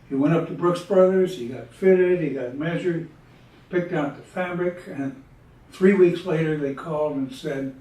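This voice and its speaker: A man, telling folksy jokes in a relaxed, drawling way. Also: fairly high pitch, unhurried, recorded from a distance. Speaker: storyteller. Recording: echoey room, speaker away from mic.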